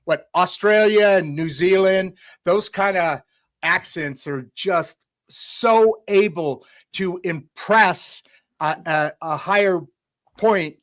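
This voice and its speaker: A man's voice: high-pitched, takes it slowly, fairly bright tone. A man hosting a casual podcast interview, rambling with many fillers and restarts. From United States. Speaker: host.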